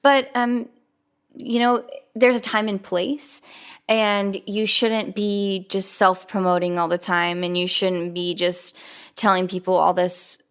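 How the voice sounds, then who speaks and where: A woman's voice: medium pitch, flat delivery, slow, clear, resonant tone. A young woman hosting her own podcast, talking alone in a chatty, earnest way with many fillers and quoted asides. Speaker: podcast host. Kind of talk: casual solo podcast monologue.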